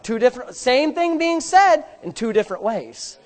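A woman's voice: sits high, sing-song, normal speed. Emphatic woman preaching a sermon. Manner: emphatic, repetitive, rising to forceful peaks.

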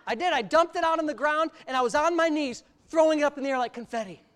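A male pastor preaching an animated sermon, exclaiming often and laughing through his stories. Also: extremely high pitch, fast.

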